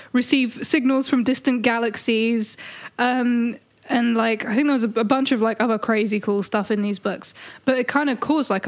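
A woman co-hosting a podcast in casual chat, talking freely and laughing often. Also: on the high side. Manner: laughs often, chatty and animated. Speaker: podcast co-host.

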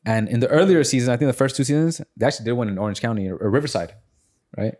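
A young man chatting casually on a podcast, telling stories and acting out quotes in high voices. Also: racing. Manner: animated storyteller, acts out quotes in high voices. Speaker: podcast host. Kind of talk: casual chat.

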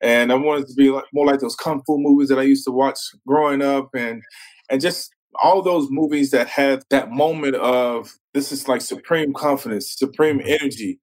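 A man guests on a podcast and tells his story in a casual, easygoing way. His voice sits at a middle pitch, and he drops in "man" often and acts out quotes as he talks. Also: moderate pace, a little mellow, low-quality recording. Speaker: guest, former pro football player.

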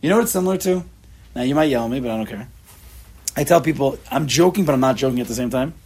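A man in his forties from the New York area, giving a casual Torah lesson with rapid rhetorical questions and frequent restarts. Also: medium pitch, expressive, darkish tone, slightly rough. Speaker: Torah class teacher.

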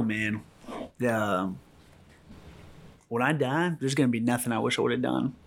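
A man hosting a podcast, earnest and motivational, acting out quotes in his stories. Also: medium pitch. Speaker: podcast host. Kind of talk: casual podcast chat.

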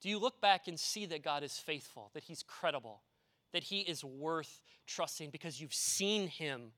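A man's voice: on the high side, expressive, moderate pace, pushed and bright, dry recording. A man, a pastor, preaching a conversational sermon in an earnest way, with personal stories and rhetorical questions.

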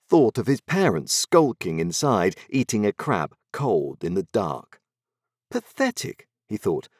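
A man narrating a story aloud in an expressive, dramatic storytelling manner. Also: mid-range voice, no echo, clean studio sound.

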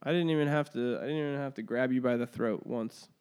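A man's voice: mid-range voice, quick pace, darkish tone, clear, resonant tone. A man hosting a casual podcast, joking loosely and swearing freely. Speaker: podcast host.

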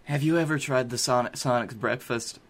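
A man's voice: mid-range voice, a little fast, very noisy. A man co-hosting a podcast in laid-back casual banter, laughing often. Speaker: podcast co-host.

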